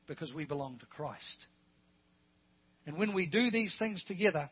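A man preaching a sermon as a guest preacher, putting questions to the congregation and rising to loud, emphatic peaks. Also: sits high, expressive, fairly quick, slightly rough, highs cut off.

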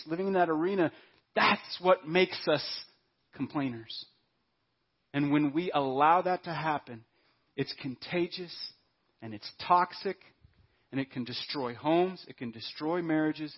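A man with a slightly higher, husky voice preaches a sermon from the pulpit. He punches key words and lets others fall to a near hush. The sound is dull and lo-fi. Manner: emphatic preacher, drops to hushed asides. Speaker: pastor. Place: church.

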